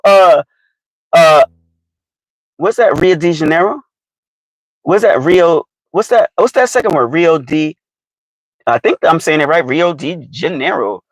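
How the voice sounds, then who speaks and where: Animated New Jersey man live-streaming. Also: sits high, moderate pace, pauses often, no room sound, low-quality recording. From New Jersey, United States. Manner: animated, chatty, addresses viewers directly, laughs often. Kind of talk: casual live-stream chat.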